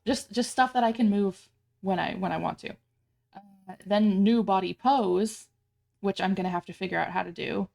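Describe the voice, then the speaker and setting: Rambling woman streamer with a gravelly edge. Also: medium pitch. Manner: rambling, self-interrupting, laughs at herself. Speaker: streamer building her avatar model. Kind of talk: casual live-stream chat.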